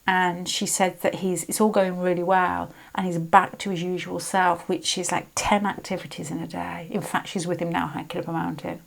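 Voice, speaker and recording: A woman's voice: lowish voice, level tone, normal speed, vocal fry, hardly any pauses. A British woman giving a casual, rambling tarot reading, often breaking off and restarting her sentences. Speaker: tarot reader.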